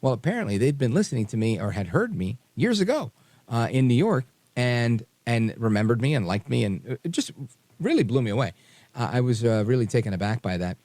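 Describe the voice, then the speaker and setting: A man hosting a radio talk show, telling stories in a chatty, animated way into a studio microphone. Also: medium pitch, fairly quick, no echo. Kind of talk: casual radio monologue.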